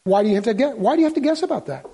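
A man's voice: very high voice, animated, rapid-fire, creaky, mellow, breathy edge. A middle-aged man preaching a sermon in a folksy, emphatic way, firing rhetorical questions at his congregation. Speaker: pastor.

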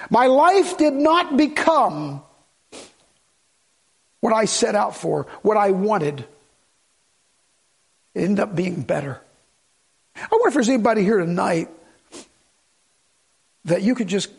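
A middle-aged man preaching a sermon as pastor, moving from hushed prayerful lines to urgent appeals. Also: high voice, expressive, a little slow, gravelly, long pauses, husky.

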